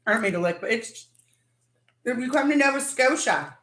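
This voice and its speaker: A woman hosting a casual live chat from her kitchen, excitable and gushing about food. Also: fairly high pitch, normal speed, echoey room. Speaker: livestream host.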